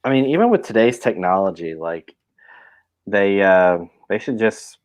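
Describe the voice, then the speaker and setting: A man's voice: on the low side, animated, measured pace. A man hosting a casual podcast chat, talking in a rambling way with lots of fillers and restarts. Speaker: podcast host.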